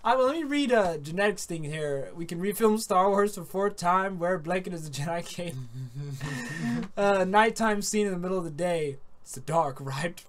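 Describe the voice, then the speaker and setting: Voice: mid-range voice, expressive, moderate pace, slight background noise. A podcast host chatting casually about an anime, rambling and laughing often. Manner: rambling, laughs often, says dude and man.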